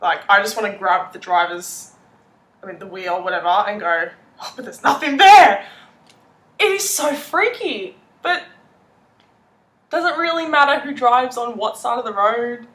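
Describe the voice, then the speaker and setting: A young Australian woman vlogging in a bright, bouncy voice that swoops up and down as she chats. She is playful and quick to laugh. Her voice rings a little in an echoey room. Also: on the high side, expressive. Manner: chatty, playful, laughs often. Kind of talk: casual vlog chat.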